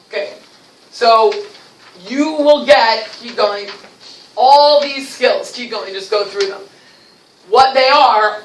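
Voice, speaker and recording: A woman with a North Jersey accent leading a teacher training workshop, lively and acting out classroom scenes. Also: on the high side, a little hiss or hum. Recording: echoey room, mic from far off.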